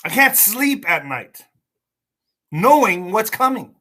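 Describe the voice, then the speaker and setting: A fairly high-pitched man with a sharp, bright tone hosts a casual news podcast. He reads headlines aloud, trips over words, and breaks into angry, swearing rants. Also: very animated, slow pace. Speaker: podcast host.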